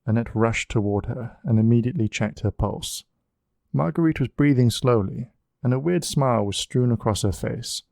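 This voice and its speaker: A man's voice: fairly low pitch, gravelly, dry recording. Man reading an audiobook in a dry room. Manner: even, measured reading. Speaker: audiobook narrator. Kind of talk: scripted narration.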